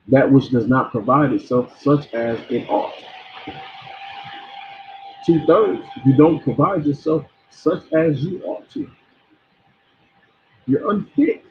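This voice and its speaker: A man's voice: medium pitch, creaky, slight background noise. Blunt man preaching, tinny phone-like sound. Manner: blunt, preachy, repeats words and stumbles over them. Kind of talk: informal sermon teaching.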